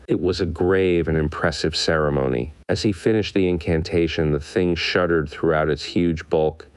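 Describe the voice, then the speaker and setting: A man reading a classic children's fantasy novel aloud as an audiobook narrator, lifting his pitch a little for the characters' dialogue. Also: clean tone, no echo. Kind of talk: scripted narration.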